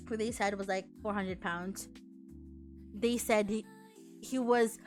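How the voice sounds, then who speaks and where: A woman's voice: on the high side, fairly bright tone. A young woman streaming as a VTuber, chatting casually, swearing a lot and laughing often.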